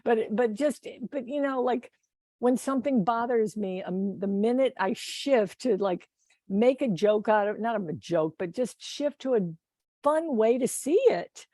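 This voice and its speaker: Mellow-voiced woman, rambling warmly. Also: a little high, unhurried, no echo, studio quality. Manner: rambling, self-correcting, laughs often. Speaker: podcast guest, artist. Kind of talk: casual conversational interview.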